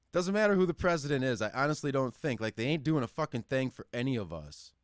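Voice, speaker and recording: A man in his thirties rants freely as host of a call-in show, swearing through nearly every sentence. His voice sits at an ordinary middle pitch, close and dry with no room sound behind it. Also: normal speed, no room sound. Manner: profane, ranting, animated. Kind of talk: casual rant. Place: lives in the Upper Midwest.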